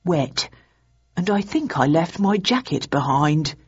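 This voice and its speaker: A woman voicing an elderly, absent-minded male inventor in an audiobook, speaking slowly and gently in a lowered, husky voice. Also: animated, highs cut off, exaggerated voice. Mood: calm. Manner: slow, measured and mild.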